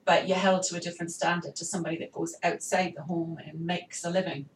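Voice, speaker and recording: A woman's voice: on the low side, little pitch movement, fast, a little hiss or hum. A woman with an English accent, a military spouse, talking reflectively in a casual podcast conversation. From England. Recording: roomy, distant mic, faint ambience.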